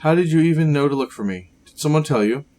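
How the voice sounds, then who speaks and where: A man voicing a gaunt, sickly male scientist villain, reading game dialogue aloud in a grave, measured way. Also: a little high, mellow, lightly acted.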